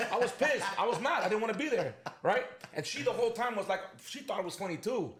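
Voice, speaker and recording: A man in casual chat, telling a story in an animated way, acting out dialogue and swearing a lot, in an echoey room. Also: sits high, quick pace, few pauses. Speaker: podcast guest.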